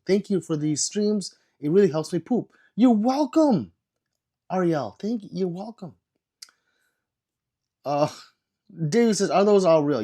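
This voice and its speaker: A sick man chats casually on a livestream in a mellow way, reading viewer comments aloud with low energy.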